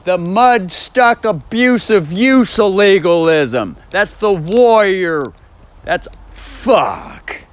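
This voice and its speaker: High-pitched man ranting slowly. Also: expressive. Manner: profane, emphatic, repeats phrases; stresses single words, plays with inflection. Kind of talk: rambling solo monologue.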